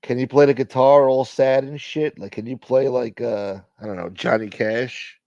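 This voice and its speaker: A man hosting a casual livestream, thanking donors and shouting out viewers by name in a profane, joking way. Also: mid-range voice, fairly even intonation, moderate pace, hardly any pauses, dry recording, highs cut off. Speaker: livestream host. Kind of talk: casual live chat reading donations.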